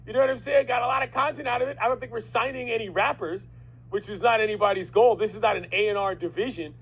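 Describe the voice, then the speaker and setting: A man's voice: sits high, fairly even intonation, fast talker, a bit bright, husky, poor audio. A man hosting a sports radio show, upbeat and laughing often as he reacts to callers.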